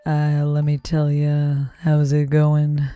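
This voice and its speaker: A woman putting on the deep, sultry voice of a suave man, crooning slowly and loudly. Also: completely flat delivery.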